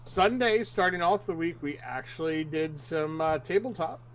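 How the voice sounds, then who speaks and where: A man's voice: on the high side, expressive, normal speed. A man co-hosting a casual talk show, adding dry quips and teasing corrections. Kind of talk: casual chat.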